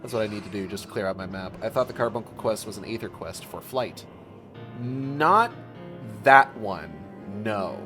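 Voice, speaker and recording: A man's voice: fairly low pitch, animated, moderate pace, bright, forceful tone, faint music behind. Playful swearing gaming streamer man. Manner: playful, swears freely, chatty asides. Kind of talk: casual gaming stream commentary.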